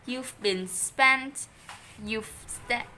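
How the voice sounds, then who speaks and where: A woman's voice: a little high, very slow, bright, forceful tone, faint music behind, full character voice. A woman reading aloud and voicing a stern, exasperated mother who scolds her sons. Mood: scolding.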